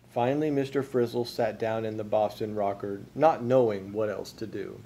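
A father reads a picture book aloud to young children in a lively storytelling manner. He stops now and then to put questions to his listeners. His voice is mellow, and a faint hum of background noise sits behind it. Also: fairly low pitch, moderate pace, hardly any pauses.

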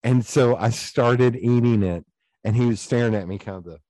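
A man with a Southern East Tennessee accent, hosting a podcast and telling animated stories in casual chat, swearing freely. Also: medium pitch, normal speed, no room sound. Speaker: podcast host.

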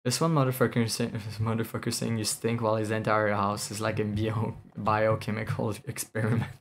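A man's voice: on the low side, little pitch movement, fairly quick. A man, casually commentating a game while streaming, blunt, swearing and laughing often. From France. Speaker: VTuber streamer.

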